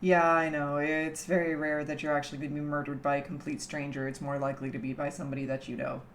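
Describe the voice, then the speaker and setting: A woman's voice: low voice, level tone, quick pace, a little hiss or hum. A young woman from Canada chatting casually with her livestream chat from home, teasing and laughing often. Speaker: streamer.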